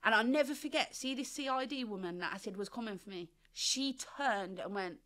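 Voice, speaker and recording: Bright-voiced woman telling prison stories. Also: fairly high pitch, brisk. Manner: animated, slangy storytelling with quoted voices. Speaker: podcast guest. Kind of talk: casual storytelling interview.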